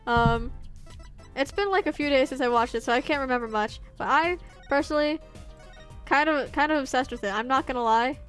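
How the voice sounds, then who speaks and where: A woman's voice: high-pitched, a little fast, faint music behind. A young woman streaming a game, chatting casually and giggling between reading its text aloud. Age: young adult. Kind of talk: casual livestream gameplay chat.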